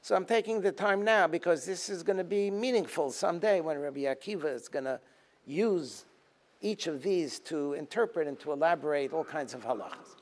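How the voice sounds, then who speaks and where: A rabbi giving a teaching talk, telling stories and acting out their dialogue, sometimes rising to forceful emphasis and then dropping low. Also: male voice, fairly quick. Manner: storytelling, acting out dialogue in a lively voice. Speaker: rabbi and lecturer. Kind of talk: Tisha B'Av teaching talk.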